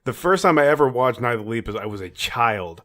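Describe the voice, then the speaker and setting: A man's voice: medium pitch, lively intonation, brisk, a bit bright. A man co-hosting a podcast, chatting in an easygoing, agreeable way and explaining things at length. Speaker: podcast co-host. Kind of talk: casual chat.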